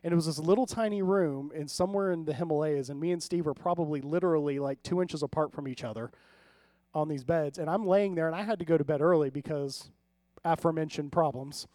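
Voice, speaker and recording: A man with a notably high voice preaches a sermon in a relaxed, conversational way. He keeps checking in with his listeners and slips into humorous storytelling. The sound is dry and close. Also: fast, no echo. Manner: conversational preaching with frequent audience check-ins. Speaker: pastor.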